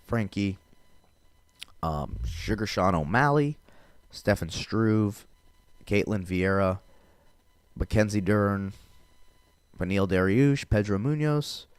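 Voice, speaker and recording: A man's voice: fairly low pitch, clear, resonant tone, dry recording. A man hosting a casual MMA podcast, talking loosely and profanely with lots of ums and restarts. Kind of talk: casual fight-prediction podcast talk.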